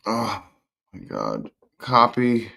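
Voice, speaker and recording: A man's voice: on the low side, wildly swooping pitch, extremely slow, gravelly, sharp tone. Rambling man chatting on his livestream. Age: 50s. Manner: rambling, retells his own thoughts with "I was like". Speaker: host of a livestream. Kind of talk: casual chat to viewers.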